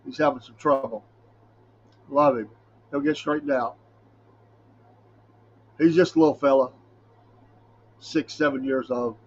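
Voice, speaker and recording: A man's voice: mid-range voice, steady tone, a little slow, long pauses, breathy edge, lo-fi sound. A middle-aged man, a preacher hosting a podcast, talking in a folksy, rambling way and laughing often. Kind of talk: casual solo podcast talk.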